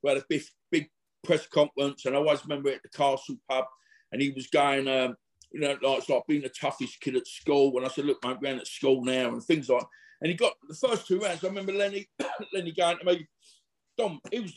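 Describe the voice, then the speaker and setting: A man's voice: a little high, fast talker. A middle-aged man, a former boxer telling rambling, slangy stories in a casual interview. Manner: chatty, rambling, laddish slang with frequent fillers.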